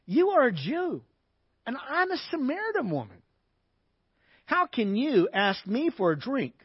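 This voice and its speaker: Skeptical woman at a well, sarcastic and brushing off the stranger, as a male preacher reads her, a touch higher and louder than his own voice. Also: very animated, measured pace, slightly rough, no room sound, lo-fi sound, heavily acted. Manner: sarcastic, dismissive.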